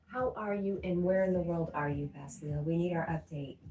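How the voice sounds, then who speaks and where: A woman's voice: fairly low pitch, unhurried, dark tone, echoey room, poor audio. A middle-aged woman hosting a casual livestream, reading chat messages aloud and answering them with frequent laughter. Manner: reads chat messages aloud and chats back, laughing often.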